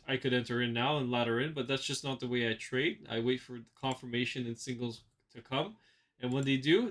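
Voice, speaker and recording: A man's voice: medium pitch, fairly bright tone. A man hosting a trading channel, talking casually through chart analysis with lots of fillers and repeated phrases. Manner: rambling, repeats himself, many fillers. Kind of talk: casual market analysis commentary.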